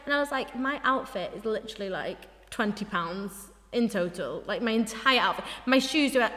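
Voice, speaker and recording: A woman's voice: medium pitch, animated, normal speed, hardly any pauses, fairly bright tone, long reverb tail. A young woman co-hosting a podcast, chatting casually and playfully, slipping into mock voices. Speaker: podcast co-host. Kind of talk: casual chat.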